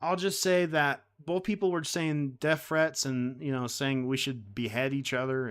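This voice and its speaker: A man riffs to his stream chat in a loose, rambling way, circling back and restarting his thoughts as he gets heated. His voice sits in an ordinary middle register. It sounds smooth and resonant. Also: mid-range voice, fairly even intonation, a little slow, a bit bright. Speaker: streamer host. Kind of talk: casual live-stream commentary.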